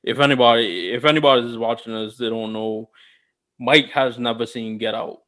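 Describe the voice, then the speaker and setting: A young man co-hosting a podcast, chatting casually and telling stories in a rambling, animated way with lots of restarts. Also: medium pitch, normal speed. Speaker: podcast co-host. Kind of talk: casual chat.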